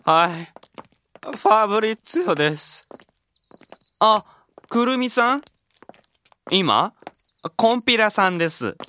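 A woman's voice: medium pitch, sing-song, normal speed, long pauses, sharp tone. A woman playing a polite learner in a scripted language-course dialogue, speaking in formal phone talk.

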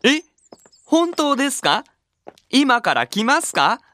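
A woman's voice: sits high, very animated, normal speed, fairly bright tone. A woman playing a polite learner in a scripted language-course dialogue, speaking in formal phone talk.

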